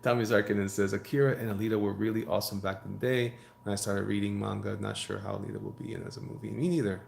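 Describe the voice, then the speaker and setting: A man's voice: fairly low pitch, fairly even intonation, quick pace, gravelly, reverberant, slight background noise. A man, a comic artist, chatting casually on a live stream while he draws, reading viewer comments aloud and joking around. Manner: rambling, jokey, reads chat aloud and riffs.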